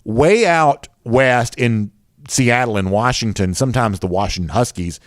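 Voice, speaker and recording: A man's voice: mid-range voice, unhurried, dry recording, studio quality. A man with a Southern accent hosting a sports show, chatting casually and reading viewer comments with lots of fillers. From American South.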